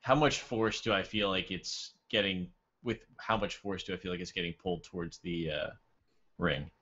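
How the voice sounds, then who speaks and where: Deep-voiced male player, bright tone, muffled mic. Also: steady tone, moderate pace, husky. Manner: asks rules questions. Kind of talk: casual tabletop role-play.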